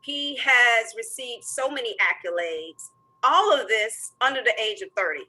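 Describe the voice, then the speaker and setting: Southern lady moderating a webinar, energetic, bright sharp voice. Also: on the high side, unhurried, rough recording. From American South. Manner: energetic, enthusiastic. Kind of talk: webinar moderating, introducing a guest.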